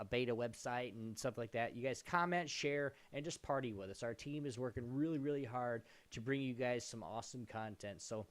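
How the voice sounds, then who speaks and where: A man co-hosting a live gaming stream show, rambling through plugs in a loose, casual way with restarts. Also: medium pitch. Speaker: podcast co-host.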